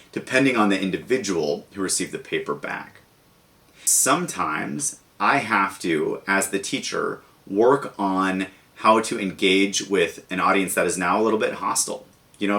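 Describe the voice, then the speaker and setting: Lower-voiced man teaching a lesson. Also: moderate pace, fairly bright tone. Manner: conversational, explains with classroom examples. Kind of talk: lecture video for students.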